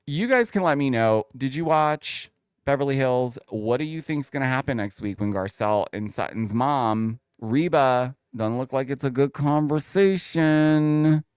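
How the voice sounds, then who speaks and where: A man's voice: medium pitch, smooth, no room sound, studio quality. A man hosting a casual reality TV recap, chatty and opinionated, talking straight to his viewers. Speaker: host.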